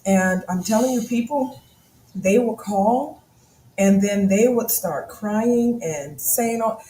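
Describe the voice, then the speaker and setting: A middle-aged woman co-hosting a casual talk, telling stories in an animated way and often laughing. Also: mid-range voice, slow. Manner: animated storytelling with frequent laughter. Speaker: co-host. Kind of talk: casual chat. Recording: echoey room with faint noise.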